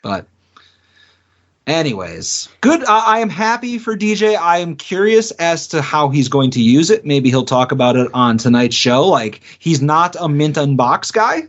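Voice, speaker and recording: A man's voice: on the high side, big pitch swings, measured pace. A man co-hosting a podcast in casual chat, giving wry replies and laughing easily. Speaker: podcast co-host. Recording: dull lo-fi podcast audio.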